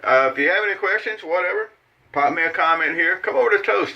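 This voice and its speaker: On a lo-fi recording, a shaving channel host talks fairly quickly in a fairly high voice with lively intonation and some vocal fry. He shaves at his bathroom sink, rambling folksily with lots of fillers in casual how-to fashion.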